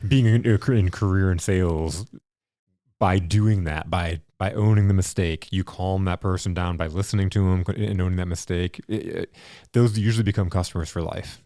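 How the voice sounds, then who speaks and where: Male podcast host, very low voice, earnest and affirming, dry close-mic sound. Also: moderate pace, mellow, no echo. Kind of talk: conversational podcast commentary.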